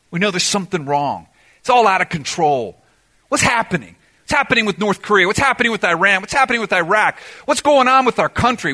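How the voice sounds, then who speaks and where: A pastor delivers a sermon in an auditorium, emphatically posing rhetorical questions and supplying his own answers. His voice sits high, sounding pushed and bright.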